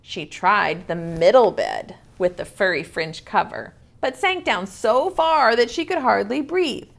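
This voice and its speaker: A woman's voice: medium pitch, very animated, a little slow, creaky. A woman preschool teacher in an online video class, reading a picture book aloud expressively and asking the children questions.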